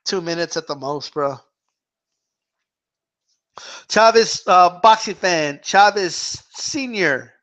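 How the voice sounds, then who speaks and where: Male boxing-stream host, high voice, laughs a lot, slangy and casual. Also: animated, a little slow, fairly bright tone. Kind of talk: casual chat reading viewer questions.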